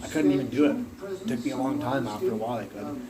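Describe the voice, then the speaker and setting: A livestream host rambles through stories on his phone stream, swearing and hopping from topic to topic. His medium-pitched voice comes very fast over a noisy crowd in a low-quality recording.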